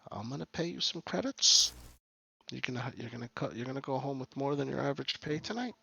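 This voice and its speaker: A man's voice: medium pitch, animated, a little fast, gravelly, pushed and bright, dull audio, a little hiss or hum, pitched above the performer's own voice. A man voicing a persuasive adult male smuggler in a tabletop game, casual and wheedling.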